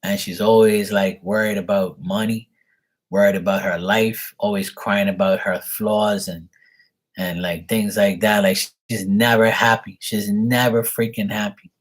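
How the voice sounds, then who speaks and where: Husky, low-voiced man, casual and exasperated. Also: fairly even intonation, a little slow. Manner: exasperated, rambling, swears freely. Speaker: live tarot reader. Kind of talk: casual livestream chat.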